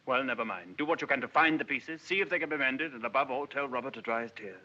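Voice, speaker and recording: A wealthy, impatient husband with a lively, bright voice that swings up and down as he teases and scolds. He talks with a clipped upper-class briskness. The sound is dull, like an old 1940s film soundtrack with faint music under it. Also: mid-range voice. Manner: brusque, teasing, impatient. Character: wealthy, brusque, teasing man of the house. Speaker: husband, master of the house.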